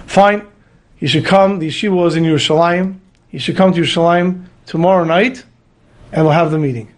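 A man with a high voice tells a moral story as a sermon. He is animated. He moves in and out of the characters' voices. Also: a little fast. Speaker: speaker telling a moral story.

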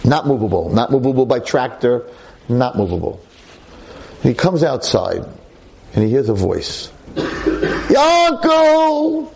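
A man's voice: medium pitch, moderate pace, vocal fry, long pauses, a little hiss or hum, rough recording. A male rabbi telling a story in a sermon to a room of boys, acting out every voice. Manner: animated, acts out every voice.

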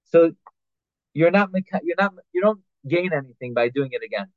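Man as a Torah teacher, middle pitch, phone-like sound, dry. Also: lively intonation, moderate pace, no room sound. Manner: reads Hebrew phrases then explains them in English, with restarts and fillers. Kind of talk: halacha class, translating Hebrew text line by line. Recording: tinny phone-like line, dry.

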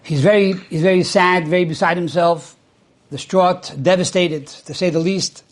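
Man, high voice, sermon storytelling, animated, acts out quoted speech, Hebrew and Yiddish religious terms. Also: moderate pace. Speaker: speaker telling a religious story.

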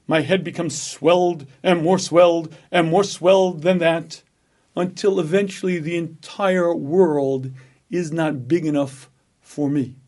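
A rabbi giving a Torah lecture, speaking emphatically, asking rhetorical questions and repeating phrases for effect. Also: male voice, fairly high pitch, a little mellow. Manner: acts out an inner voice in dialogue.

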